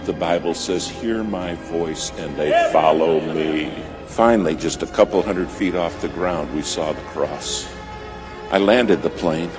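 A man preaching a sermon, telling a story with dramatic swings from loud to hushed. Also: deep voice. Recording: music bed behind voice.

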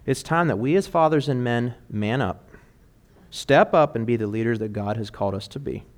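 In a mid-range voice at a moderate pace, a middle-aged man gives fathers an earnest sermon. He preaches emphatically, with conviction, and quotes song lyrics.

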